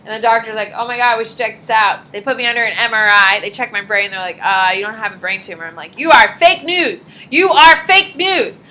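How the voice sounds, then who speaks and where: A woman's voice: medium pitch, quick pace, hardly any pauses, poor audio. A woman teacher giving a casual, jokey classroom lecture in a classroom, acting out little dialogues as she explains. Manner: animated, jokey, acts out dialogue.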